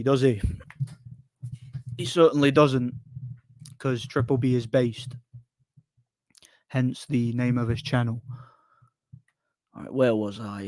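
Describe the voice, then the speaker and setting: Reading chat on a relaxed live stream, this medium-pitched male host rambles, says things more than once, and chuckles at his own anecdotes. The audio is studio-clean and free of echo.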